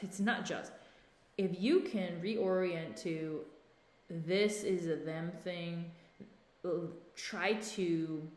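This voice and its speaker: A woman's voice: medium pitch, darkish tone. Woman, podcast host, earnest coaching talk, echoey room, long reverb. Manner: earnest, coaching, acts out example phrases. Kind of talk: solo advice podcast.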